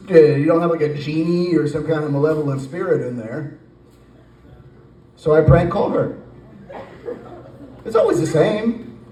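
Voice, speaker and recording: A man in his forties doing a stand-up comedy set, telling a rambling story with animated acted voices. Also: fairly high pitch. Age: 40s. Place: brewery stage with live audience. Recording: roomy echo, from a distance.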